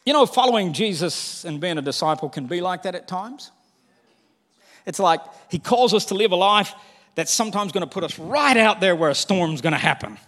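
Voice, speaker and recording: Male pastor, high voice, lively sermon delivery, long hall reverb. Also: fairly quick. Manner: animated preaching that slips into quoted voices.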